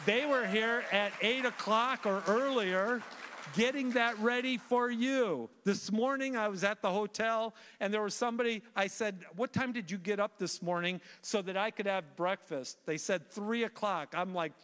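Male preacher, high-pitched, animated storyteller full of restarts, in a reverberant church sanctuary. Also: moderate pace. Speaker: guest preacher. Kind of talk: sermon.

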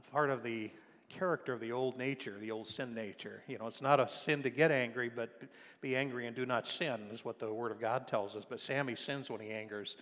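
An older man preaching a sermon, telling a family story in a conversational way and then rising to loud, impassioned preaching. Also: mid-range voice. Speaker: pastor. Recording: long hall reverb.

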